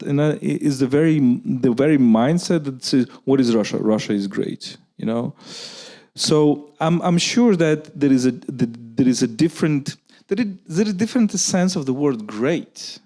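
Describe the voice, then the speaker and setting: A man's voice: mid-range voice, mellow. Earnest man with a Ukrainian accent. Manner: earnest, argumentative, with frequent restarts. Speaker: guest speaker. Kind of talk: live public conversation.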